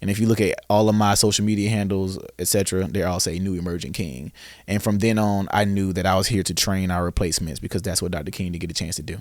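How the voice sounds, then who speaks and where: A man's voice: sits low, fairly even intonation, fast, dry recording, studio quality. A young man with a Southern American accent, a podcast guest telling his story earnestly and acting out his own past questions. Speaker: guest, founder of a boys' school.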